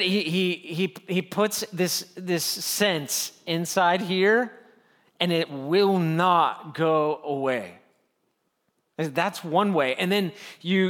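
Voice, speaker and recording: A middle-aged male pastor delivers a sermon in an earnest, pleading way, returning to the same phrases again and again. His voice sits high for a man, and the sound trails off in the long reverb of a big hall. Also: fairly bright tone. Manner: earnest preaching with rising, pleading emphasis and repeated phrases.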